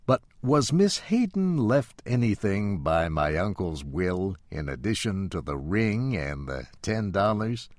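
Man doing a polite, breezy young gent, low voice. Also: sing-song, measured pace, hardly any pauses, dry recording. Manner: polite, light-hearted. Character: young gentleman, carefree and polite.

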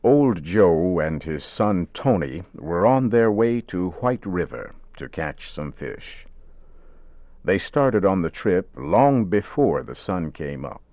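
A man narrating a radio story in measured, simple wording. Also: low-pitched, dark tone, no echo, dull audio.

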